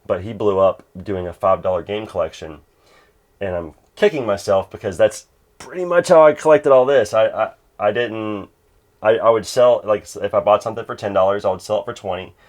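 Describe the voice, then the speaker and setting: A man's voice: lowish voice, brisk, darkish tone. A man in his thirties, a game collector chatting casually at home, rambling with lots of fillers and restarts. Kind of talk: casual interview chat.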